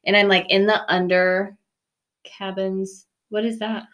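Relaxed woman podcast co-host. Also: mid-range voice, measured pace. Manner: relaxed, swears casually, trails off into fillers. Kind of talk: casual chat.

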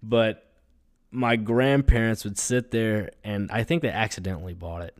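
Young man, low voice, smooth and resonant, rambling solo podcast chat. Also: normal speed. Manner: rambling, relaxed, lots of fillers. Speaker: podcast host. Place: at home.

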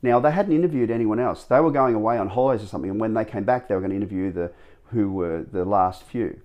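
Man with a lower voice. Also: fast talker, muffled recording. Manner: rambling, animated storytelling with many restarts. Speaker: interview guest, former animal trainer. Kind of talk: casual storytelling interview.

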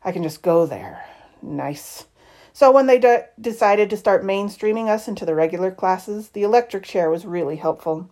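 A woman reading a novel aloud in the first person, with expressive, lively shifts in tone. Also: medium pitch, moderate pace. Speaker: audiobook reader.

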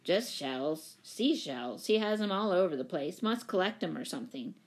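Woman doing a grumpy boy, lower voice, flat and short. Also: normal speed, lightly acted. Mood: grumbling. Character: sulky, laconic boy.

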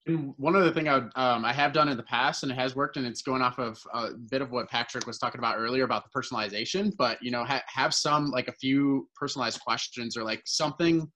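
A man's voice: mid-range voice, steady tone, fast talker, hardly any pauses, sharp tone, rough recording. A man giving casual sales advice on a panel, hedging with fillers as he goes.

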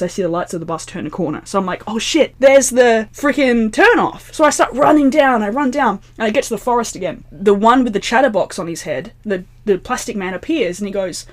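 A woman, an interview guest telling a long dream story in a casual, animated way, full of "like" and acted-out dialogue. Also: medium pitch.

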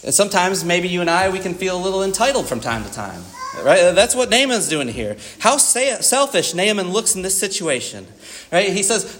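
A man's voice: high voice, very animated, brisk, fairly bright tone. A man preaching a morning sermon in a church, talking to the congregation in a conversational way and often asking "right?". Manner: conversational, with frequent "right?" asides and acted quotes.

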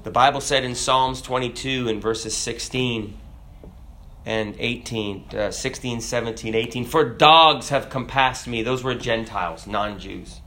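A man's voice: medium pitch, measured pace, sharp tone. A man preaching a sermon, asking the congregation rhetorical questions and reading scripture aloud.

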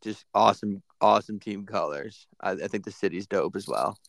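A man's voice: fairly low pitch, normal speed, gravelly, a bit bright, dry recording. A young man co-hosting a casual sports podcast, laid-back, with short replies and dry teasing. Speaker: podcast co-host.

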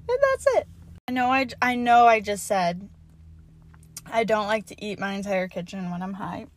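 A woman's voice: medium pitch, big pitch swings, measured pace, long pauses. A young woman hosting her own podcast, chatting casually with lots of giggles and swearing as she rambles. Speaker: podcast host. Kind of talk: casual solo podcast chat. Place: parked car.

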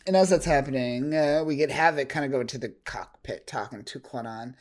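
Animated man recapping with fillers. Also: medium pitch, normal speed. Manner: animated retelling with lots of fillers and acted quotes. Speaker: podcast co-host. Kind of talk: casual chat recapping a comic.

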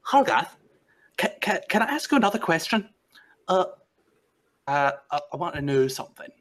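A man doing an excitable chatty hermit. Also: high-pitched, moderate pace, pitched above the performer's own voice. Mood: eager. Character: eager chatty male woodland hermit.

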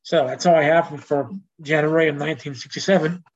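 A man with a slightly high voice hosts a casual solo podcast about music history, reading notes aloud and wandering off into asides with restarts. The recording sounds dull and lo-fi. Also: steady tone, fairly quick. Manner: rambling, with restarts and self-corrections; reads out notes in a plain informational way. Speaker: podcast host.

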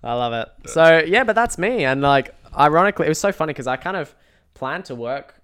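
A young man who talks fast and easily on a casual podcast. He laughs often and swears freely as he tells the story. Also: on the high side, expressive, a bit bright, clear, resonant tone. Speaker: podcast co-host. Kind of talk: casual chat.

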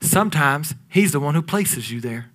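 A man in his thirties, a pastor preaching a sermon, shifting between loud emphatic peaks and hushed, drawn-out lines. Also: fairly high pitch, expressive. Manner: dynamic preaching, swings between loud peaks and near-whispers.

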